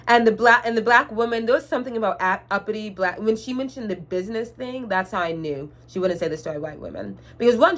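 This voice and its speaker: A young woman with a soft R sound, telling a storytime rant on her vlog, exasperated and swearing freely. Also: medium pitch. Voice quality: cannot say R sounds. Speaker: vlogger.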